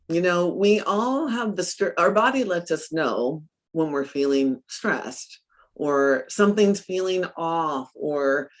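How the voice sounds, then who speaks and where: A middle-aged woman coach in a casual interview, telling stories with lively acted-out quotes and frequent laughs. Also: fairly low pitch. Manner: animated storyteller, acts out her own quotes, laughs often.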